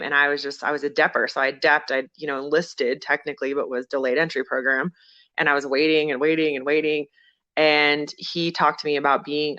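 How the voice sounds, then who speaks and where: Woman podcast guest, crisp bright voice, chatty storytelling, kinda lo-fi sound. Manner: animated, acts out quoted people with sudden jumps in pitch. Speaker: podcast guest, veteran and former firefighter. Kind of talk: casual storytelling.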